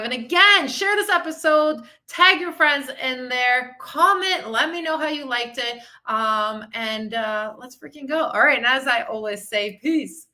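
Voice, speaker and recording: Woman, motivational coach, live-stream chat, upbeat and chatty, bright voice, slightly high. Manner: upbeat, chatty, reads viewer comments aloud. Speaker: fitness and mindset coach, podcast host.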